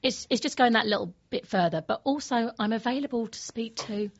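A woman's voice: a little high, fairly quick, highs cut off. A woman from England, a guest on a radio show, explaining her work in a friendly way. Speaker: guest, travel business owner. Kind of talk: radio interview.

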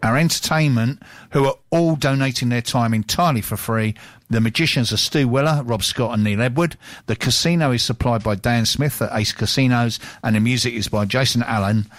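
A man's voice: medium pitch, dry recording. Guy on local radio, chatty and upbeat, reading out event listings, dead dry studio mic.

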